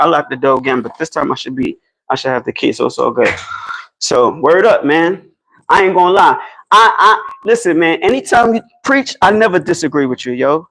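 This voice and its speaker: A man from New Jersey, United States, with a New Jersey accent and a voice on the high side, chats briskly and animatedly on a live stream. He addresses viewers directly and laughs often, and the recording is rough with no room sound.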